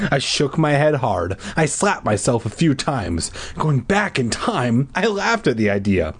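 A man reads a children's horror novel aloud with mock seriousness. His pitch swings widely, climbing high for the young hero's panicked lines. He peppers the reading with sarcastic, foul-mouthed asides. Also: very animated, measured pace, few pauses, breathy edge. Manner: sarcastic, profane asides, raises pitch for dialogue. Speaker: reader of a children's horror book. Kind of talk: comedic audiobook reading with drunken asides.

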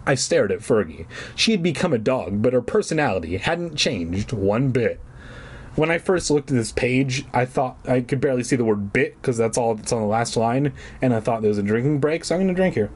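A man with a husky, breathy voice reads a children's story aloud. His pitch moves in an animated way, and he breaks off for crude, deadpan jokes. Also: brisk. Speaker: reader. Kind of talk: comedic read-aloud with asides.

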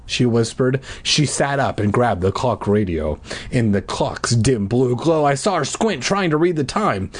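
A man's voice: expressive, measured pace. Man reading a kids' horror book, sardonic. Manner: sarcastic, profane asides, raises pitch for dialogue. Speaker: reader of a children's horror book. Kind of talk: comedic audiobook reading with drunken asides.

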